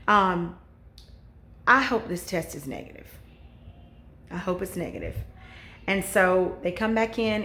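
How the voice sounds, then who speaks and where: A woman's voice: mid-range voice, echoey room. A woman, telling her family's story in casual, earnest vlog style, with many fillers and her own remembered thoughts quoted aloud. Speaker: homemaking vlogger, mother.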